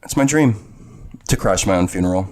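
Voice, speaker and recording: A man from New Jersey co-hosting a casual podcast, telling stories with lively swings in delivery. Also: low-pitched, a little fast. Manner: animated storyteller, big swings for quoted lines. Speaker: podcast co-host. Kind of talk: casual chat.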